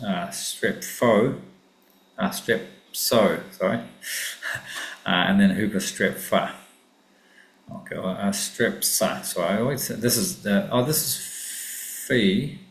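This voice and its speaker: A man teaching Greek vocabulary and grammar in a casual classroom lesson, thinking aloud with many ums and self-corrections. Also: fairly low pitch. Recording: echoey room.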